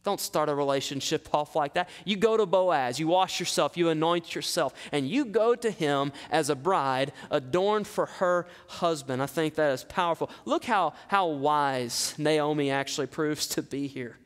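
A man pastor preaching a sermon, animated, firing rhetorical questions at the congregation in a church sanctuary. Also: a little high, moderate pace, few pauses. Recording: long reverb from a large hall.

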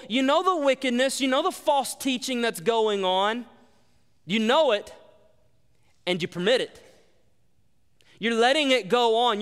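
A man's voice: very high voice, fairly bright tone, clear, resonant tone, in a large hall. A male pastor delivering a sermon, emphatic and repetitive, asking the congregation rhetorical questions.

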